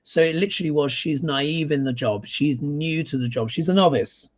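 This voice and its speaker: Guy doing a tarot reading live, kinda high voice, sarcastic, keeps going "yeah?". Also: normal speed. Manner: sarcastic, emphatic, keeps adding "yeah?" tags. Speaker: astrologer giving a tarot reading. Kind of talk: live-streamed tarot reading, casual talk. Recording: dull lo-fi sound.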